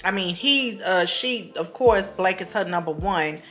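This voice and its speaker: A woman's voice: lowish voice, lively intonation, unhurried, a bit bright, soft background music. A woman recapping a reality show in a casual, gossipy way, full of fillers and asides.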